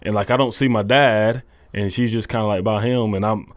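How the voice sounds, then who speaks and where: A young man, a college football coach, telling his faith story in a halting, earnest way full of restarts. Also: fairly low pitch, fairly even intonation, dry recording. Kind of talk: casual testimony interview.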